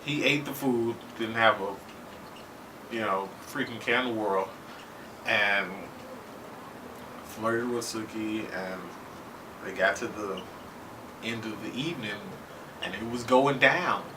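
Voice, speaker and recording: A man's voice: lowish voice, slow, long pauses. A man casually recapping a TV episode with profanity, talking loosely and keeping asking his viewers "right?". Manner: animated, loose and conversational, keeps asking "right?". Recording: faint noise, distant from mic.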